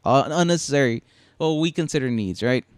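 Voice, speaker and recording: A man's voice: mid-range voice, lively intonation, brisk, no room sound. An easygoing man with a mid-range voice chats on a podcast. He agrees often and tells stories loosely. The sound is dry and close. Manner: easygoing, frequent agreeing "yeah". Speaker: podcast co-host. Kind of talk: casual chat.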